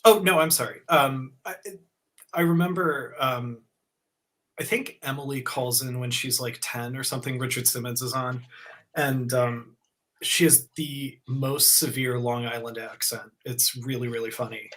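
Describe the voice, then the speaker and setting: A man co-hosting a podcast in relaxed casual chat. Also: medium pitch, unhurried. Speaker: podcast co-host.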